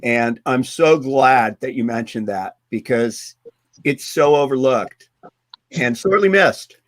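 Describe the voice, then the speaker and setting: A man hosting a casual interview, enthusiastic and quick to agree. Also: mid-range voice. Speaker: podcast host.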